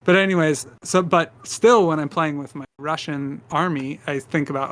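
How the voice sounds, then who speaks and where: A man's voice: fairly high pitch, fairly even intonation, moderate pace, a little hiss or hum. A man rambling in a casual chat on a live hobby painting stream. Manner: rambling, many fillers and restarts. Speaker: co-host.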